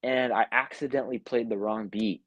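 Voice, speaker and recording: Interviewed live online from his home via video call, a young music producer casually retells a story, performing others' words and peppering it with "like." He speaks at a moderate pace in a mid-range voice, on a lo-fi recording with no echo.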